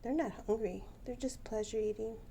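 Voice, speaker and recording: A woman at home talks to her pet birds in doting, teasing baby talk. Her voice sits a little high but sounds dark and gravelly. She takes her time over every phrase. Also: normal speed, a little hiss or hum. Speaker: pet bird vlogger. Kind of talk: casual chat to pet birds.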